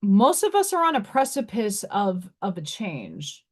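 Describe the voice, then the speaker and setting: A woman with a Staten Island, New York accent hosts a casual live stream as an oracle card reader. Her voice is medium-pitched and slightly rough, a little slow, with huge swings in pitch. She talks frankly, swears often and casually, and keeps restarting her sentences.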